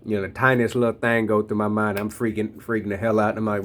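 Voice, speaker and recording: A man's voice: on the low side, flat delivery, fast talker, fairly bright tone, a little hiss or hum. Guy in his 30s rambling about faith, slangy and loose, lots of ums, talks right at you. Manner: addresses listeners directly. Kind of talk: casual spoken reflection on faith.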